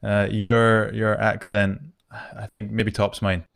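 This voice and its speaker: A Scottish man answers interview questions, steady and earnest as he explains. His voice runs lowish, recorded close and dry with almost no room sound. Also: slow pace, gravelly, dry recording. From Scotland. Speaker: guest, ad agency director.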